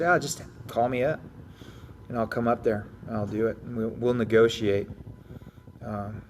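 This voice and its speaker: A man who teaches jiu-jitsu, answering viewer questions in a casual livestream. His coaching is blunt and upbeat, with mild swearing, and he acts out his own inner thoughts in quick asides. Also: medium pitch, steady tone, a little hiss or hum.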